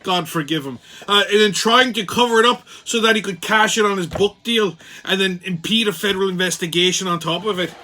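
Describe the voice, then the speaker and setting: A man's voice: high-pitched, fairly quick, few pauses, sharp tone. A man with a Brooklyn accent hosting a casual commentary vlog. He talks in a brash, joking way and swears freely. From New York. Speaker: channel host.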